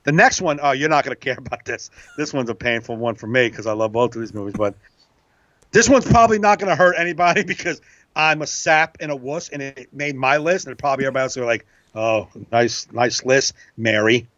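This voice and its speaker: A man's voice: mid-range voice, expressive, fast, bright, forceful tone, dry recording, dull audio. A man co-hosting a casual podcast, running a movie bracket, laughing often and swearing casually. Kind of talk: casual podcast chat with a live chat room.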